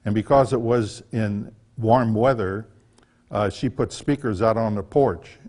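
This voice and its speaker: An older author gives a casual storytelling talk, sharing folksy, chatty tales of his writing life with small restarts along the way. His voice is fairly low, a little slow, and darkish in tone.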